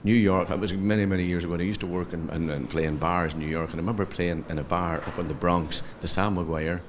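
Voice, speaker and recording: A low-pitched man talks fast with fairly even intonation against a noisy background. He's a middle-aged Irish comedian with a Donegal accent, a guest in a casual interview, telling anecdotes and getting tangled in repeated words.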